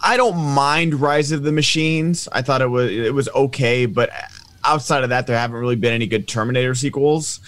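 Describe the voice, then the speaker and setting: A man's voice: mid-range voice, a little fast, a bit bright, no room sound. Male panelist, laid-back opinions, dry mic. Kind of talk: casual panel chat.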